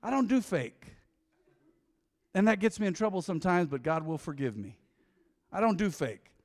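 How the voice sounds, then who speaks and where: High, lively preaching man in a hall. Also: moderate pace. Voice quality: lively, conversational preaching with sudden loud bursts and quiet drops. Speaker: pastor. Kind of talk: sermon.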